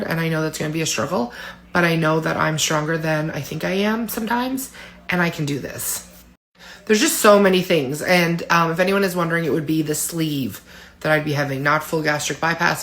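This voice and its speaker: A woman in her forties speaks to camera in a personal vlog. Her voice sits fairly low, and she talks candidly, sometimes choked up, filling pauses with ums and small laughs. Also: fairly even intonation, fairly bright tone. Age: 40s. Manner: candid and emotional, with frequent fillers and laughs. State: tearful at times. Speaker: vlogger.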